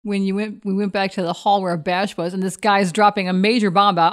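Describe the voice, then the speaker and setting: A woman player chats about the session, laughing easily and speaking in an animated way. Her voice sits at a middle pitch and sounds natural and unpolished. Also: a little fast. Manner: giggly and animated. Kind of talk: casual chat.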